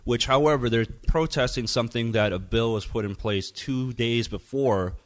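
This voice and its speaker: This medium-pitched voice belongs to a middle-aged DJ guesting on a podcast, spinning a lengthy tale at an ordinary pace. The chat is casual and full of profanity. He animates the story by performing each person's quoted words himself.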